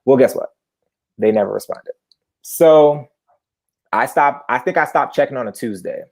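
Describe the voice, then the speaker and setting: At a moderate pace, a twenty-something man shares a personal story live in a chatty, animated way, punctuated by abrupt high-pitched bursts.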